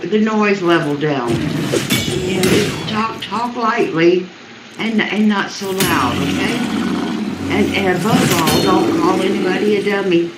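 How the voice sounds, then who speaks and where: A woman's voice: medium pitch, very noisy. Scolding woman in an echoey room. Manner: scolding, halting, repeats words. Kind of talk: voice chat room talk.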